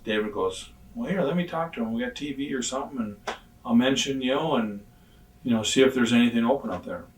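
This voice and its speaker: An older man in his sixties tells stories in a casual interview, blunt and profane, and acts out the other people's lines as he goes. His voice sits at an ordinary mid pitch. The room sounds roomy and the mic is set some way off from him. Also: brisk, far from the mic. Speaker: retired pro wrestler telling stories. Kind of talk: casual shoot interview storytelling.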